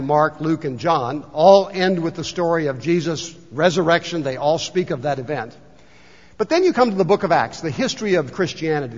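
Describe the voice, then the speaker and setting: A pastor gives a sermon, a man with a somewhat high voice who tells stories and reads passages in an unhurried way. His words ring out with a long reverb in the sanctuary. The recording is dull and lo-fi. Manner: storytelling, reads book passages aloud slowly. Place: church sanctuary.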